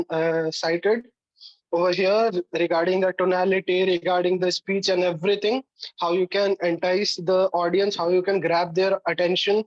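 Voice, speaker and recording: A man's voice: high-pitched, no room sound, muffled recording. A man with an Indian English accent moderating an online meeting, formal and polite, with frequent filler sounds.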